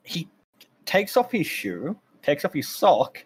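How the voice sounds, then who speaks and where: A man's voice: a little high, huge pitch swings, slow, darkish tone, breathy edge. A young man co-hosting a casual comedy podcast, making wry, swearing jokes as he recaps a show. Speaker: podcast co-host.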